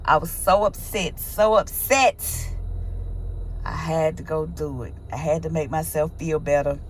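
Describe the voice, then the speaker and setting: Woman vlogger, lowish voice, casual and emphatic. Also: steady tone, normal speed, slight background noise. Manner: vents emphatically, repeating herself. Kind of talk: casual vlog talk to camera. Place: parked in her truck.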